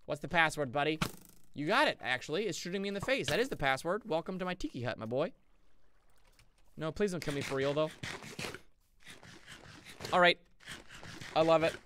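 A young man streams a game and banters with his chat in a playful, goofy way. His voice sits high and jumps around a lot in pitch. He gets excitable and shifts his energy constantly. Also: a little hiss or hum. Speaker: gaming streamer. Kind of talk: live-streamed gameplay commentary.

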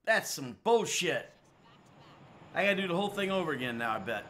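A man's voice: a little high, big pitch swings, fairly quick, bright, forceful tone. A middle-aged man streaming a video game, chatting and swearing with exasperation as he plays. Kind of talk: live gameplay commentary.

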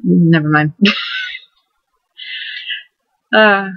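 A woman in her twenties hosting a casual vlog, rambling excitedly and restarting her words as she goes. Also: fairly low pitch, a little slow, no echo. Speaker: vlogger host. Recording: dull lo-fi dry recording.

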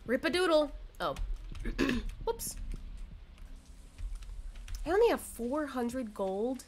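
A woman's voice: high-pitched, sing-song, very slow, darkish tone. A woman streamer chatting casually with her viewers while she plays a cozy farming game. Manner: chatty, reads and answers chat. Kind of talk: casual gameplay chat.

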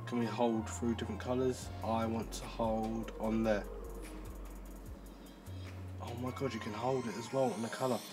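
A man reviewing tech in a casual demo, chatty and excitable, thinking aloud as he goes. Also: on the low side, moderate pace, pauses often, music in the background.

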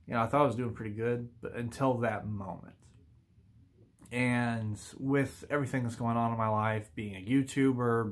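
A man in his thirties talking to his viewers in a casual, earnest vlog, halting often with fillers and restarts. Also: medium pitch, fairly bright tone. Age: 30s. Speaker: YouTuber. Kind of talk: casual heartfelt vlog talk.

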